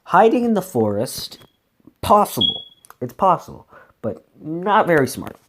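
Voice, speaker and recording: A man's voice: fairly high pitch, big pitch swings, a little slow, a little hiss or hum. A man casually reading a solo adventure gamebook aloud, stumbling over words and breaking off for chatty asides.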